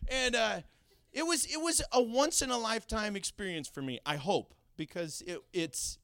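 A middle-aged man preaching a sermon, telling a personal story in an animated way with laughing asides. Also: high voice, no echo, clean studio sound. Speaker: pastor.

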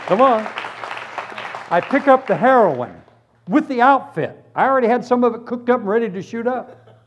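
A man telling his conversion story as a sermon, with lively storytelling that moves from hushed tones to shouted praise. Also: very high voice, normal speed, highs cut off, some chatter behind, slight background noise. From Florida, US. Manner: animated storytelling, drops to hushed tones then bursts into shouts. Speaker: preacher giving testimony. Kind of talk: testimony sermon.

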